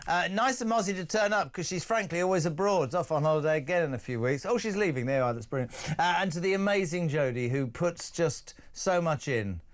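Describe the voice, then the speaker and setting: Man, radio host, studio, quick, jokey, chatty, slightly high voice. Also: animated. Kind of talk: radio phone-in chat.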